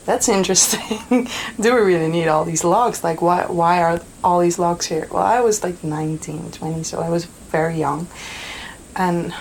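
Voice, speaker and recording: A woman's voice: fairly low pitch, normal speed, gravelly, slight background noise, low-quality recording. A woman from Europe, a guest telling stories in casual chat, laughing often and rambling with fillers. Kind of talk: casual storytelling.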